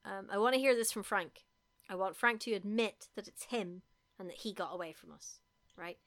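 A woman's voice: mid-range voice, moderate pace, close to an everyday voice. A woman voicing a stern male demon leader, retelling his terms half in jest.

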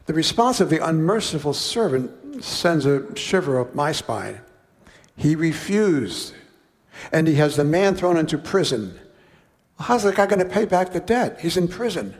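A man's voice: a little high, sing-song, a little slow, in a large hall. A man preaching a sermon, reading a parable aloud and breaking off for conversational, wry asides.

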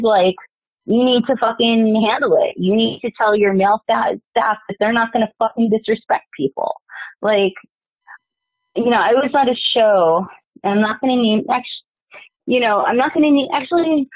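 A woman's voice: medium pitch, husky, dry recording. A woman guest talking bluntly and with plenty of swearing in a casual interview, telling stories from her time in wrestling. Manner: blunt, profane, fired-up storytelling. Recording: dry phone-like remote call audio.

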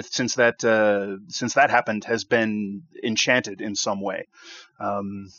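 A man acting as game master recaps the last session of a tabletop game in a measured, storytelling voice, filling pauses with uh. His voice sits in the middle of the male range. The sound is dry and lo-fi, with no room echo. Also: mid-range voice, fairly bright tone. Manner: measured storytelling with many fillers. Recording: dull, lo-fi sound.

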